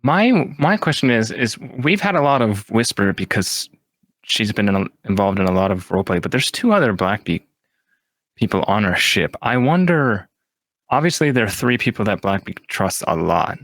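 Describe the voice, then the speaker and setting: A man with a lowish voice who muses about a tabletop campaign. He reasons slowly and tentatively, hedging and wondering aloud, and the sound is dry and close. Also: lively intonation, a bit bright, no echo. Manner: thoughtful, tentative, often unsure. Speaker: tabletop game player.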